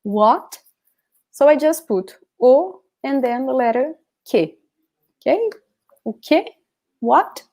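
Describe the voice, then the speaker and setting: Woman with a Brazilian accent, language teacher, slow unhurried speech, fairly high voice. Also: lively intonation, darkish tone. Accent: Brazilian Portuguese. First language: Brazilian Portuguese. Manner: greets viewers by name, explains slowly. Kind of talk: live-stream lesson.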